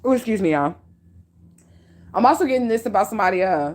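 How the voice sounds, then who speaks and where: A woman's voice: mid-range voice, lively intonation, fast talker, a little mellow. A woman giving a casual tarot reading at home. She talks bluntly and swears, and she drives her points home with "okay?" and "period". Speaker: tarot reader. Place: at home near a window.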